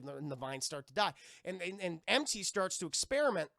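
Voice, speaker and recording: A man's voice: sits high, fairly quick, creaky, dry recording, studio quality. A man streaming a live review of a cartoon episode, retelling scenes with lots of swearing, acting out the characters' lines and talking to his chat. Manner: animated, profane recap that acts out the characters' lines; addresses the stream chat directly.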